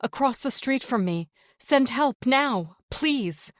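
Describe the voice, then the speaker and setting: A woman's voice: medium pitch, lively intonation, unhurried, a little mellow, clear, resonant tone, no echo, clean studio sound, voice pushed up, close to an everyday voice. A woman narrator voicing a panicked woman calling emergency services, pleading desperately. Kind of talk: audiobook character voice.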